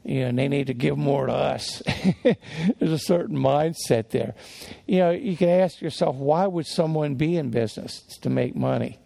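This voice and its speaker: Gravelly male pastor teaching a sermon. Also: on the high side, moderate pace, mellow. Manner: conversational with chuckles and repeated restarts.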